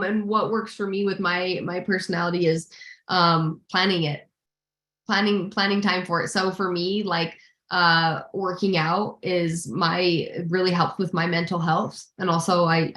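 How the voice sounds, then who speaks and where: A woman with a fairly low voice talks candidly as a guest in a live Q&A, circling back and restarting her phrases with a self-deprecating ease. Her voice comes over a video call mic with a roomy echo. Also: a bit bright. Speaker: guest executive.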